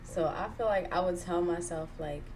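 Low-pitched woman in her 20s from Kenya, candid and rambling, faint hiss behind. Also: normal speed, a little mellow, poor audio. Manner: candid, rambling with many fillers. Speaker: podcast co-host, interviewee. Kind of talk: casual chat.

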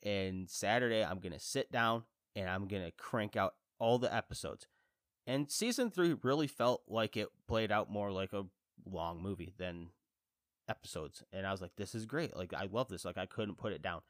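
A man in his thirties chatting on his own show, with a lowish voice and a slightly congested chest. He rambles, laughs at himself and leaps into animated reactions when he quotes himself. The sound is dry and close to the mic. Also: normal speed, dry recording. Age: 30s. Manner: rambling, self-deprecating, lively quoted reactions. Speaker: podcast host. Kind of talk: casual chat.

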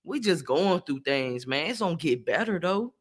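A young man talking earnestly and casually to his viewers on a live stream, repeating phrases, using slang and building up to shouted hype. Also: on the high side, animated, normal speed. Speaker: motivational vlogger.

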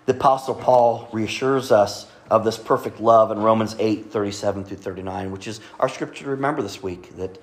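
A man's voice: fairly low pitch, a little fast, hardly any pauses. A pastor giving a sermon in an earnest, conversational way, often restarting his words as he speaks. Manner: earnest, conversational preaching with repeated starts.

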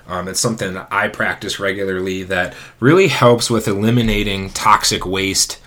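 A health coach giving casual advice, pausing often with fillers and restarting phrases. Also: male voice, low voice, steady tone, pushed and bright. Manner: hesitant, many fillers and restarts.

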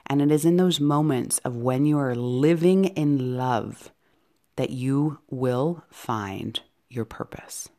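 A woman hosting an inspirational podcast, talking in an encouraging way and often dropping into soft, whispery asides. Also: a bass voice, takes it slowly. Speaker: podcast host and psychic medium.

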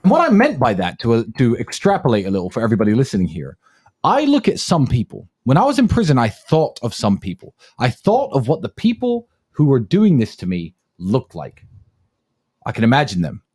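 A man co-hosting a live stream, speaking in a scornful, slow and emphatic way. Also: mid-range voice, wildly swooping pitch, a little mellow, breathy edge. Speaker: co-host.

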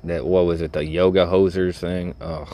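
A man's voice: deep voice, level tone, moderate pace, dark tone, a little hiss or hum. A middle-aged man rambling in a blunt, cynical way, full of fillers and the odd curse, as he vlogs from a vehicle. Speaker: vlogger. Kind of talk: casual rambling monologue.

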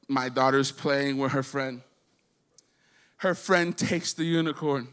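A man doing a stand-up comedy set, rambling and profane, slipping into quick voices for other people. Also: mid-range voice, fairly even intonation, a bit bright, clear, resonant tone. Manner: does quick voices for his daughter and others.

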